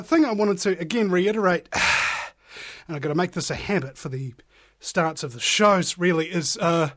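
A man's voice: fairly high pitch, no echo. A man hosting a live talk radio show, speaking energetically and emphatically straight to his listeners. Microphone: studio microphone.

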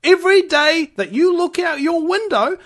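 A man hosts his own radio show, and his voice sits high for a man. He rambles through a heated rant, stumbling over restarts and fillers as he gets worked up. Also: animated, moderate pace, fairly bright tone. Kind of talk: ranting monologue.

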